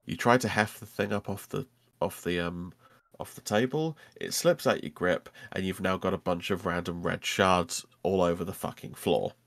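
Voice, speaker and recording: A man's voice: low-pitched, normal speed, creaky, dry recording. A man narrating and running a tabletop game as game master, slipping into a grumpy shopkeeper wizard with a raised voice.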